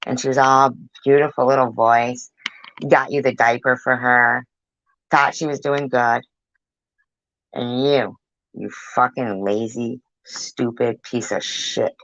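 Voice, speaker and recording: A woman's voice: extremely low pitch, gravelly, no room sound, lo-fi sound. A woman giving angry reaction commentary on a clip, scolding and cursing with blunt insults.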